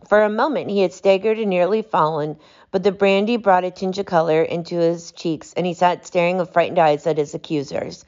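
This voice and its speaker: Woman, audiobook narrator, measured reading, fairly low voice, muffled lo-fi sound. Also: a little mellow.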